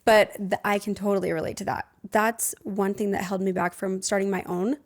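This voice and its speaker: Woman in her thirties, podcast host and coach, earnest and reflective, mid-pitched, laughs easily. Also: flat delivery, brisk. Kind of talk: casual podcast chat.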